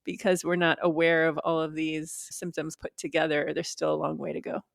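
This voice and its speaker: A woman's voice: low-pitched, level tone, normal speed, gravelly, no echo, clean studio sound. A woman in her forties, a podcast guest, talking about women's health in an open, frank, matter-of-fact way. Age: 40s. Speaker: guest, perimenopause advocate. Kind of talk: podcast interview.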